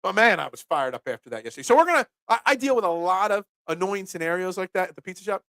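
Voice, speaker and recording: Male sports talk host, chatty and animated, recorded dry. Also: sits high, fast, no room sound. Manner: rambling, animated storyteller. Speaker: sports podcast host and pizza shop owner. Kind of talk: casual sports talk show.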